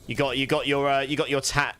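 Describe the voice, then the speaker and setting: A man's voice: medium pitch, flat delivery, quick pace, a bit bright, no echo. Male game streamer, loose chat with frequent laughs, dry close-up sound. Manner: chatty, greets viewers, laughs often. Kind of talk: casual live stream chat while gaming.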